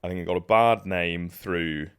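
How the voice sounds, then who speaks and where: A young Englishman with a very deep voice chats on a podcast, joking about himself and rambling through restarts. The sound is dry and close, with no room around it. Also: moderate pace, a bit bright, smooth, dry recording. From England. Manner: jokey, self-deprecating, rambling with restarts. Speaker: podcast co-host. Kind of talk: casual podcast chat.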